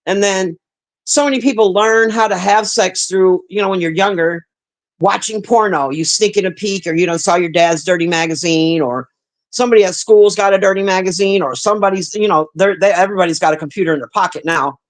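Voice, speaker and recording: A woman's voice: medium pitch, a little fast. Brief: woman streamer, blunt and profane, chatting straight to her viewers, sighing between points. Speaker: livestreamer reading chat. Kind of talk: casual livestream rant.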